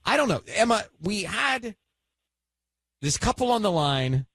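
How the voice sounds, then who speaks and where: A male radio host with a fairly high, lively voice, teasing and jumping in on the others. The studio sound is close and dry. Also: creaky, breathy edge, dry recording. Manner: teasing, quick to cut in. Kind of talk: morning radio banter.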